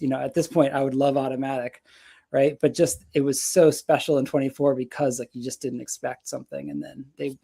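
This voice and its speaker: A man's voice: on the high side, mellow. A man from the United States talking casually as a guest, rambling with many fillers and restarts. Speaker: guest, Mets fan. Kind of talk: casual chat.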